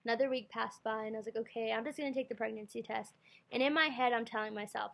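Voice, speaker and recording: A woman's voice: fairly high pitch, fairly even intonation, quick pace, gravelly, fairly bright tone. A young woman telling a rambling storytime vlog into her computer's built-in mic, full of fillers and quoted self-talk. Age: young adult. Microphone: computer webcam mic.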